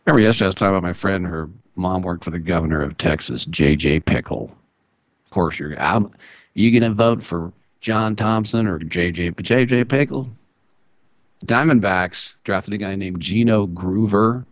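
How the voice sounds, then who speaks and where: A man hosting a sports radio show, riffing wryly and clearing his throat often. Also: sits low, normal speed, no echo, muffled recording. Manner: joking, wry riffing with frequent throat clearing. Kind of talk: casual sports talk monologue.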